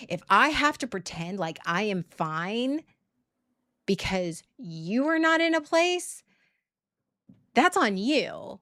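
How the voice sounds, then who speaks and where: A woman's voice: fairly high pitch, sing-song, measured pace, a bit bright, no echo, studio quality. A woman in her thirties, a parent, speaking bluntly and emphatically to camera, swearing freely as she vents. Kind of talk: candid personal rant.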